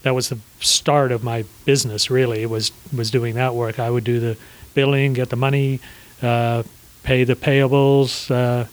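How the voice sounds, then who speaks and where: A man in his sixties, a small business owner, tells stories as a podcast guest in a relaxed, rambling way. His middle-pitched voice is unhurried and conversational, full of "uh" and "um" and restarted sentences, on a low-quality recording.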